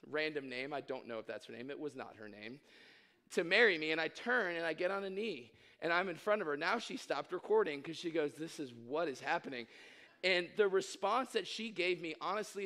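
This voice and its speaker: A man's voice: a little high, fairly bright tone, clean tone. A young adult man preaching a sermon, telling a story animatedly and acting out quotes, a bit under the weather. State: under the weather, occasional coughs. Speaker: pastor.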